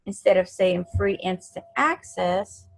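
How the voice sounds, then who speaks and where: A woman giving a screen-share software tutorial in a chatty, encouraging way, talking to herself as she clicks. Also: lowish voice, a little slow, vocal fry, low-quality recording. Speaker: online marketing instructor.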